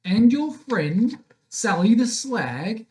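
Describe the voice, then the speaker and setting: A player voicing a pushy, smooth-talking pirate council agent, recorded a little away from the mic. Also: medium pitch, sing-song, slow, darkish tone. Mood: persuasive.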